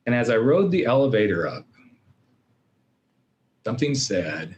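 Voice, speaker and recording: A middle-aged man as a podcast guest, telling a personal story in an animated way and acting out his own inner voices. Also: mid-range voice, unhurried, pauses often.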